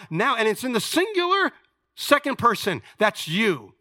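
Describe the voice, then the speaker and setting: Male pastor, high bright voice, dry close sound, animated sermon with playful asides. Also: normal speed, no echo. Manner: animated preaching with asides to the congregation.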